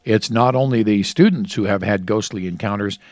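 A man's voice: fairly low pitch, brisk, no room sound. A man co-hosting a casual radio-style chat, reading out spooky stories and trivia facts and laughing often. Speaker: co-host.

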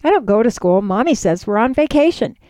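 A woman's voice: on the high side, very animated, a little fast, no echo. A woman voicing a cheerful, chattering little girl in a story read aloud. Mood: chirpy. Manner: bright, chattering, innocent.

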